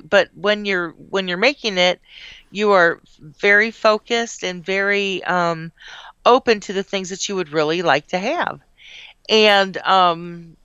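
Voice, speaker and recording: A woman in her forties speaks in a bright, smooth, resonant voice as co-host of a casual chat. She gives advice in a confident, matter-of-fact way. The recording is dry and a little dull. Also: medium pitch, dry recording.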